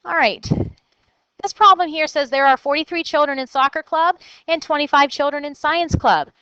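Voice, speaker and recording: A woman's voice: high voice, normal speed, sharp tone, dry recording, highs cut off. A woman teacher recording a math lesson for children, thinking aloud step by step in an upbeat way.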